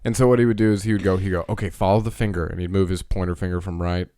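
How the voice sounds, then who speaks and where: A man's voice: deep voice, very fast, clear, resonant tone. A man co-hosting a podcast, telling childhood stories in casual chat and acting out the voices of the people in them. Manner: animated storyteller acting out quoted voices. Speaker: podcast co-host.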